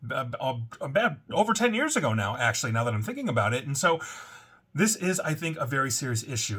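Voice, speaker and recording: Emphatic, bright-voiced male commentator. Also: mid-range voice, breathy edge. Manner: emphatic, indignant, conversational with fillers. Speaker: tech commentator. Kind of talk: opinionated commentary.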